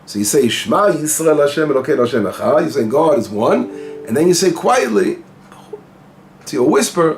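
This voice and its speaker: A man's voice: fairly high pitch, big pitch swings, fairly quick, faint music behind. A male rabbi giving an informal Torah lesson, explaining Hebrew phrases and translating them as he goes, asking questions and answering them himself. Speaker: rabbi teaching the weekly Torah portion.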